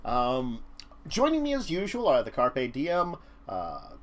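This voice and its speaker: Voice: mid-range voice, huge pitch swings, unhurried. A game master hosting a tabletop role-playing session, teasing the players and laughing often.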